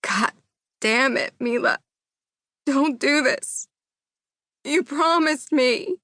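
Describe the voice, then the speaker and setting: A woman voicing an anguished husband shouting through a locked door. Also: sits high, slow, dry recording, pitched above the performer's own voice, full character voice. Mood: desperate. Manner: desperate yelling from outside.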